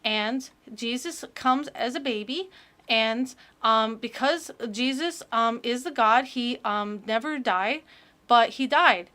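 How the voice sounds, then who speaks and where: A woman's voice: fairly high pitch, bright, forceful tone. A woman putting on a sweet little girl storyteller. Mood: sing-song. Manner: sing-song, halting, with childlike mispronunciations. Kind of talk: reading a children's book aloud in character.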